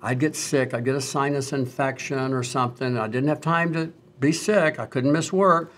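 A middle-aged male physician in a conversational health talk, telling stories and turning animated when he quotes others. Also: mid-range voice, moderate pace, slight background noise. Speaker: physician host.

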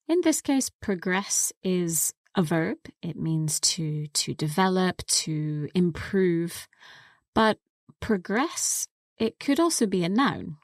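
A woman co-hosts an English lesson podcast and speaks unhurriedly, walking through each word step by step. Her voice sits on the lower side and the recording is dry and close. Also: dry recording. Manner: patient, explains words step by step. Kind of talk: slow, clear teaching explanation.

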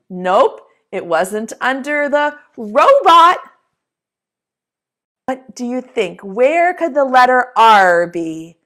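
A woman teaching a preschool lesson, talking to young children in a slow, encouraging way and asking them to repeat words after her. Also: high-pitched, big pitch swings, a bit bright.

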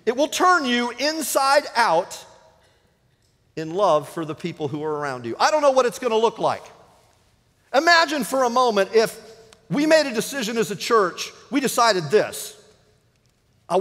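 A male pastor delivering a sermon in a long-reverb sanctuary. His voice sits high and moves through a very wide range, rising to emphatic peaks and falling to hushed, low-spoken phrases. The hall carries a long echo behind every line. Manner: dynamic preaching, drops to a hushed low voice for emphasis. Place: church sanctuary.

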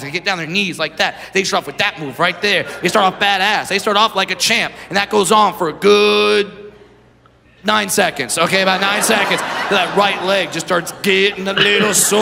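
A man doing a live stand-up set, brash and raunchy, shouting his punchlines to the audience. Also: high-pitched, vocal fry. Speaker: stand-up comedian. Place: stage in a large venue before a live audience. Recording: reverberant live venue with loud crowd noise.

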